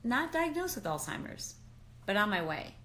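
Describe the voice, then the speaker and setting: A middle-aged woman on a casual live chat, excited and exclamatory, slipping into slangy asides. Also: medium pitch, normal speed, a little hiss or hum. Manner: animated and exclamatory, often says "dude". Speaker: fitness and lifestyle expert.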